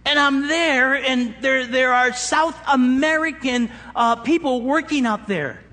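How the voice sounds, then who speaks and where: A man's voice: extremely high pitch, unhurried, pushed and bright. A middle-aged man with an East Los Angeles accent preaching a sermon, emphatic and joking as he counts through a numbered list. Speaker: pastor. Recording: echoey hall with long reverb.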